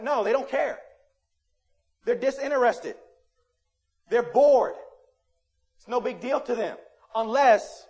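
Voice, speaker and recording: High-voiced animated man preaching a sermon. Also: gravelly. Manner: animated, playful, acts out quotes, rises to loud emphasis. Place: church sanctuary.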